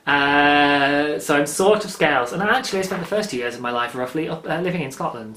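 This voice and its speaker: A man's voice: on the high side, a bit bright, echoey room. A man from England hosting a podcast, chatting casually and rambling with lots of asides. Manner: rambling, chatty, self-interrupting. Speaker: podcast host. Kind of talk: casual chat.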